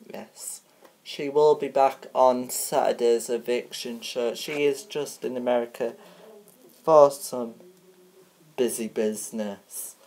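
A woman with an unusually deep voice playfully hosts a mock TV show, talking slowly. She rambles, jokes and teases, slipping into sing-song and leaning on filler sounds. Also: warm tone. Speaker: show host.

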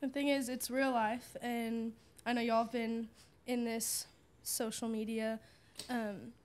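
A woman's voice: on the high side, level tone, slow pace. A young woman who is new to a podcast, speaking earnestly in casual chat while fighting back tears. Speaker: podcast guest, new member.

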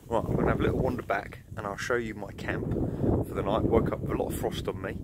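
A man's voice: on the low side, steady tone, fast talker, heavy background noise. A man chatting casually to a handheld camera while camping outdoors on a cold moor, telling a story with plenty of fillers. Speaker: motorcycle camping vlogger. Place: outdoors at a moorland campsite in winter.

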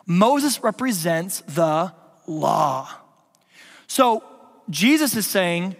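A man with a high voice preaches to his congregation in a playful way, tossing questions at the listeners. Long reverb from the church hall trails after each phrase. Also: sing-song, very slow, gravelly, long pauses. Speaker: pastor. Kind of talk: sermon. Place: church sanctuary.

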